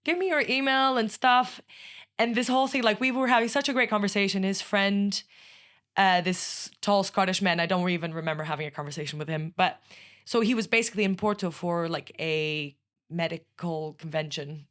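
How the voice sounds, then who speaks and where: A woman from Portugal with a Portuguese accent, a podcast guest telling stories in an animated way, laughing often and acting out what others said. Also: lowish voice, a little fast. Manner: animated, laughs often, acts out quoted speech. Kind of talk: casual storytelling.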